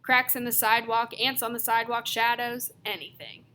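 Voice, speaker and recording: A woman narrating a first-person audiobook, telling it in the loose, slangy voice of a teenage boy. Her tone is bright and set somewhat high, with a faint hiss of background noise. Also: level tone, normal speed.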